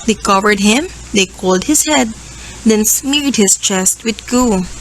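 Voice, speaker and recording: A woman with a Filipino accent, a teacher reading a children's story aloud with expressive animal voices. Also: mid-range voice, measured pace, a little hiss or hum, poor audio. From Philippines.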